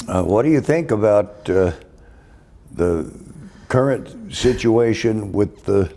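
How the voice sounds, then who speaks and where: An older man from Texas, telling stories in a folksy, unhurried way as host of a casual chat. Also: on the low side, lively intonation, creaky, mellow.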